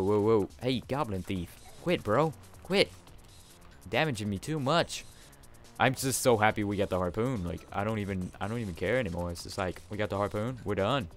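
A young man giving let's play commentary, talking to his viewers and swinging between excited outbursts and deflated mutters. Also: fairly low pitch, normal speed, soft background music. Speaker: gameplay commentator.

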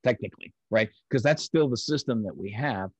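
A man's voice: on the low side, animated, a little fast, husky, dry recording. A man speaking as an interview guest, explaining ideas patiently and step by step in a conversational way. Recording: dry, slightly dull audio.

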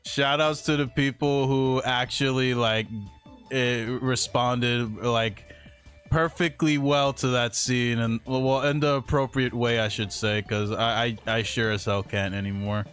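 Young male streamer, unhurried slangy game commentary, mid-pitched, faint game music underneath. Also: fairly even intonation. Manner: slangy and profane, laughs often, reacts loudly to in-game deaths. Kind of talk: casual gaming livestream commentary.

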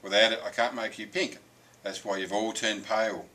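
A man's voice: fairly low pitch, fairly even intonation, normal speed, pushed and bright. A man voicing a fussy, apologetic storybook illustrator who talks from nowhere.

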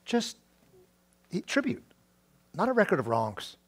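A middle-aged male pastor giving a sermon, often restarting his words and rising loud and high on key points. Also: huge pitch swings, slow, no echo. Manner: preaching with many restarts and repeated words; rises to a loud high pitch when stressing points.

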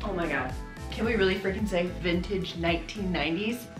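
Speaking a little fast in a fairly low voice, a woman in her thirties runs through a casual try-on haul for her fashion vlog. She's bubbly and laughs a lot, and faint music plays in the echoey room.

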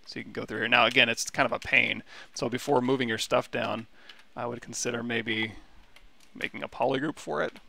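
Bright, gravelly man teaching on a livestream. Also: mid-range voice, fairly quick. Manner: relaxed, rambling with many fillers and restarts. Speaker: 3D sculpting instructor. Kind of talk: casual livestream tutorial.

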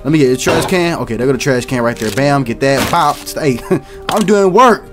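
A man's voice: mid-range voice, lively intonation, moderate pace, over music. A young man giving casual, slangy commentary while playing a horror game, jumpy and talking to himself. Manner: jumpy, slangy, self-talking, bursts into startled shouts. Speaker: gaming YouTuber.

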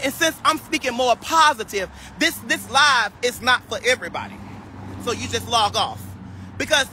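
A man's voice: very high-pitched, bright, forceful tone, slight background noise. A young man on a casual livestream, delivering a sassy, preachy clapback rant.

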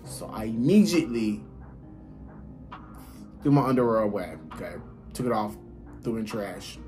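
A man telling a casual story to his viewers, animated and blunt, swearing freely and talking straight to them. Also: on the low side, normal speed, soft background music. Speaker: vlogger. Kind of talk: casual story time while eating.

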